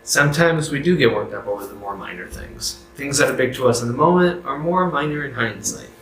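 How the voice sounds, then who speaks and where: A man's voice: medium pitch, expressive, brisk, fairly bright tone, reverberant, soft background music, rough recording. A man leading a youth group bible lesson, talking casually and asking viewers questions. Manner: conversational, self-correcting, asks viewers questions.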